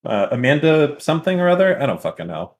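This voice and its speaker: A man's voice: on the high side, big pitch swings, fast talker. A young man co-hosting a call-in dating show, casual, crude and joking, swearing often. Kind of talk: casual streaming chat.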